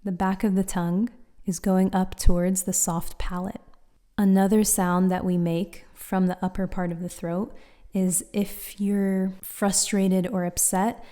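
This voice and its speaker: Patient woman teaching throat sounds, mellow tone. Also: medium pitch, little pitch movement, unhurried. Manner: clear, patient, demonstrates sounds aloud. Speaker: Quran recitation teacher. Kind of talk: instructional explainer.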